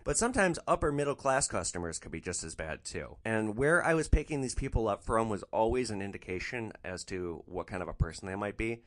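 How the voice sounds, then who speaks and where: A man hosting a podcast, telling a rideshare story with sarcastic, animated delivery. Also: on the low side, fairly quick, hardly any pauses. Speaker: podcast host and rideshare driver.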